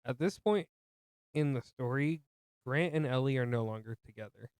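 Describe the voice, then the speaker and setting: A man's voice: mid-range voice, normal speed, darkish tone, clear, resonant tone, dry recording, studio quality. A man co-hosting a movie podcast, casually retelling the plot with jokey asides. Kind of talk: casual film recap chat.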